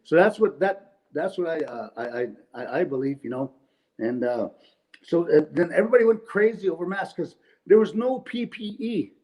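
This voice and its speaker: A man's voice: on the high side, animated, moderate pace, darkish tone, rough recording. A middle-aged man from Canada doing rambling stand-up storytelling at home on a webcam, tossing in tag questions and chuckling at his own jokes. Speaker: comedian. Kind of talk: stand-up storytelling for an online event. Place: at home indoors.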